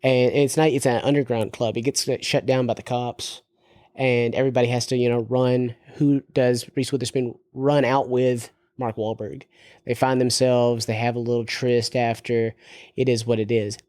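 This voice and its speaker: A man's voice: mid-range voice, level tone, moderate pace, a little mellow, dry recording, studio quality. A man co-hosting a podcast, chatting casually and jokingly about a movie with lots of fillers. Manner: rambling, joking, full of fillers. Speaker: podcast co-host.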